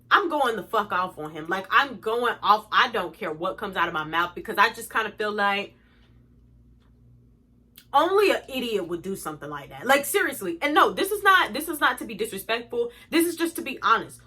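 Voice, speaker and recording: Bright, blunt young woman ranting. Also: fairly high pitch, big pitch swings, normal speed, husky. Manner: blunt, profane and indignant, addressing viewers as y'all. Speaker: vlogger. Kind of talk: storytime rant.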